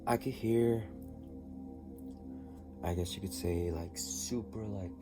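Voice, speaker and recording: Man, very low voice, diary vlog, halting, rambling, restarts, music playing behind. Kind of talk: personal diary vlog, recounting an experience.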